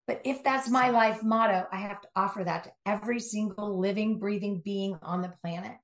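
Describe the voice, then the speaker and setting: Animated woman from Southern California. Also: medium pitch, a little fast, echoey room. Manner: animated, emphatic storytelling with asides and mock voices. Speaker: guest, life coach. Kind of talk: conversational interview.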